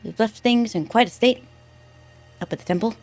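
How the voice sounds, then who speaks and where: A woman's voice: a little high, moderate pace, darkish tone, voice pushed up. A woman voicing a poised, polite female advisor.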